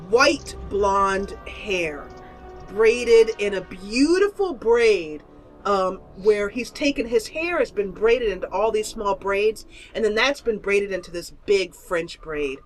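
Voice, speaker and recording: A woman's voice: medium pitch, expressive, slow, faint music behind. Giggly woman running a tabletop game. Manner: playful, giggly storytelling with flowery descriptions. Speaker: game master. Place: online voice call.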